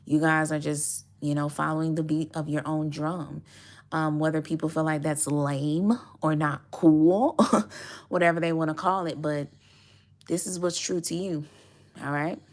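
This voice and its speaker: A woman with a low voice that has a gravelly edge chats her way through a tarot reading for her viewers. She is loose and conversational, trailing into fillers and small laughs. Her tone stays relaxed and familiar throughout. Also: a little slow. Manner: chatty, lots of fillers and little laughs. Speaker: tarot reader.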